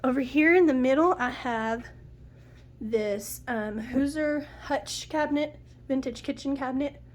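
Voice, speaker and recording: A middle-aged woman gives a chatty, homey tour of her decorated home, naming items one by one. Her slightly high voice is nasal and sniffly from a cold, and she speaks a little slowly over a bit of hiss or hum.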